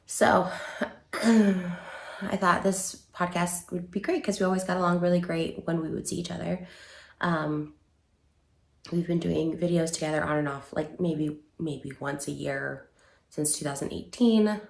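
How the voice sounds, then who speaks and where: Low, gravelly woman, halting emotional statement, echoey room. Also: steady tone. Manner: halting, many fillers and restarts. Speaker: online creator giving a statement. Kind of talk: emotional personal statement video.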